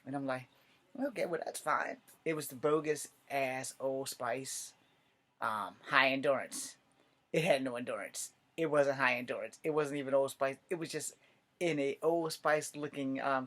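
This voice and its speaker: A man's voice: medium pitch, measured pace, fairly bright tone. Rambling, profane amateur comedian man. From United States. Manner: rambling, profane, laughs at his own stories. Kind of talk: rambling stand-up storytelling.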